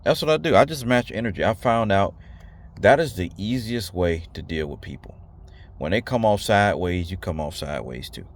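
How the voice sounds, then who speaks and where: A man's voice: low voice, expressive, moderate pace. A man giving a blunt, rambling casual talk to his viewers, slangy and repeating himself. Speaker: video host. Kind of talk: casual direct-to-camera talk.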